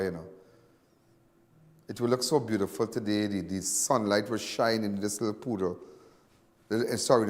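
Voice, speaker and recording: A man's voice: on the low side, in a large hall. A man with a Trinidadian accent hosting a live news show, talking in a rambling, repetitive way in local dialect. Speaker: host of a crime news show. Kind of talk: emotional live commentary.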